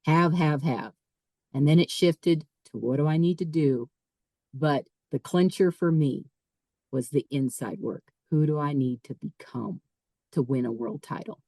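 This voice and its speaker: A woman's voice: deep voice, a little slow, dark tone, no echo. A middle-aged woman, a podcast guest, telling a personal story emphatically, repeating phrases and voicing her own thoughts.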